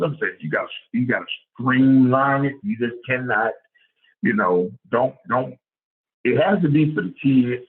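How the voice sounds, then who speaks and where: A man who coaches high school football, giving a lively, conversational clinic talk and repeating words as he goes. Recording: tinny phone-like sound.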